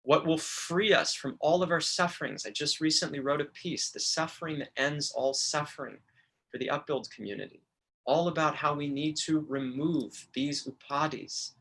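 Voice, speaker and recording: A man's voice: a little high, normal speed, creaky, a bit bright. A man giving a morning scripture class at a temple, speaking earnestly and with feeling as he quotes his teachers. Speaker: temple lecturer. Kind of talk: devotional class lecture.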